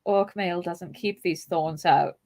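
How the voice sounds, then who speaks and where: A woman voicing an earnest young male hobbit, urging his companion onward in a hurried way. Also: fairly low pitch, darkish tone. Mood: urgent.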